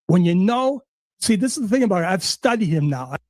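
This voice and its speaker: A middle-aged man tears into his critics in a combative, sarcastic rant, full of swearing. His voice sits high for a man, and the sound is dry and close with no room around it. He talks straight at the listener. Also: big pitch swings, fairly quick, darkish tone, no room sound. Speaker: livestream guest. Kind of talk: profane ranting monologue.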